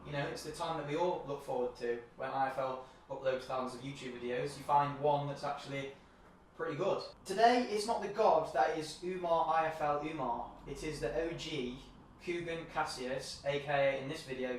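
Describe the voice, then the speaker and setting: A man's voice: a little high, a little fast, slight background noise. A young man co-hosting a casual boxing show, joking and swearing a lot. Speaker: co-host. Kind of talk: casual banter. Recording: echoey room from a distance.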